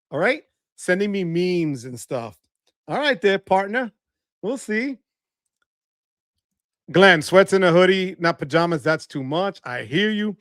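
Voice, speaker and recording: Animated man chatting on a livestream. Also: a little high, dry recording, studio quality. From Bronx, New York. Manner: animated, laughs often, greets viewers by name. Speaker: livestream host. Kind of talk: casual livestream chat reading the chat.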